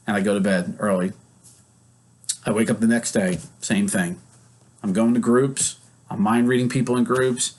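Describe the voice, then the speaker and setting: A man's voice: on the low side, fairly even intonation, normal speed, pauses often, a little mellow. A male psychologist who leads therapy groups, teaching casually and acting out example scenes in quoted voices. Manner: conversational, with many fillers.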